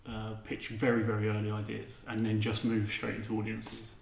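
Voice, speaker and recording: Male facilitator, halting questions, lower pitch, roomy echo. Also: completely flat delivery, creaky, a little hiss or hum. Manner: halting, full of fillers. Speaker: group facilitator. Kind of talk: moderating a discussion.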